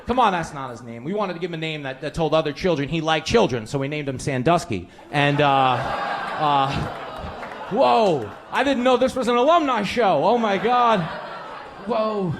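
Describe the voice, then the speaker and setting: A man doing a stand-up set with animated, joking delivery. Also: fairly high pitch, normal speed. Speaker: stand-up comedian. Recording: live club with noise.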